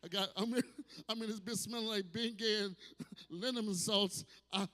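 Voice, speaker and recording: With a high-pitched voice, fairly even intonation and normal speed, this New Orleans comedian in his fifties works a live crowd at a distillery bar. His stand-up is loud, brash and profane, punctuated by abrupt shouts and acted-out asides. Hall reverb from the club room fills the recording.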